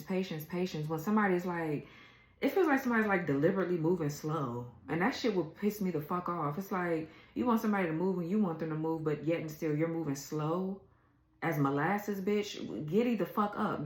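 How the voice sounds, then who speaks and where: A woman's voice: on the low side, fairly quick, echoey room, low-quality recording. A woman doing a casual tarot reading, blunt and exasperated, swearing freely as she reads the cards. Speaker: tarot reader.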